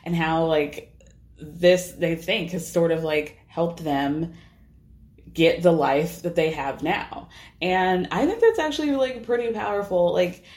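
A young adult woman hosting a podcast, recapping in a casual, animated way with voiced asides. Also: lowish voice, unhurried. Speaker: podcast host.

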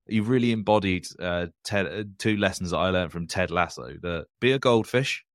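British man, very deep voice, podcast host, dry sound. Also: moderate pace, no echo. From Britain. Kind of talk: podcast interview.

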